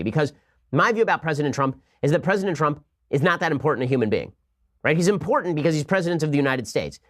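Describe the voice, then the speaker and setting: A man delivering political commentary at a breakneck clip, his voice sitting a bit higher than most men's. He argues with sarcasm and fires off point after point as a show host. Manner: sarcastic, rapid-fire argument. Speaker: podcast host.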